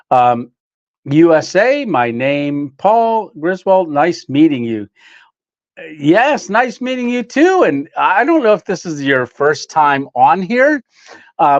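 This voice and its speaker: A man's voice: a little high, dry recording, muffled recording. A man hosting a casual camping livestream from his home studio, chatting with viewers, greeting them by name and laughing often. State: slightly out of breath. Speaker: livestream host.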